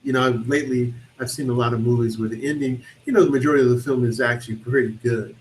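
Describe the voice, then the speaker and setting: A man co-hosting a film review show, chatting casually and pausing with fillers as he searches for words. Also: mid-range voice, fairly even intonation, poor audio. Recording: faint background noise.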